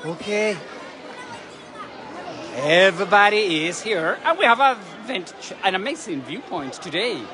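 Out on a city balcony overlooking a parade street, a high-pitched man narrates a live travel vlog in an unhurried way. His tone is gushing, chatty and excitable, and the outdoor recording carries loud crowd noise, cheers and church bells.

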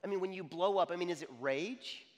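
Animated male preacher in a reverberant hall. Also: high voice, a little fast. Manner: animated, repeats "okay?" to the crowd. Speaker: young adults pastor. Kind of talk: conversational sermon.

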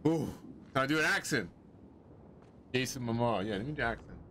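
A man giving chatty, excitable let's-play commentary with joking asides. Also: medium pitch, fairly quick, slight background noise. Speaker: gaming commentator.

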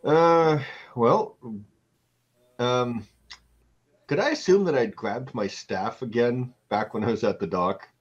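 A man's voice: mid-range voice, slow pace, long pauses. A man playing a tabletop game, talking in a dry, laid-back way. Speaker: player. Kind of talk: tabletop game play over a call. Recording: dull lo-fi mic.

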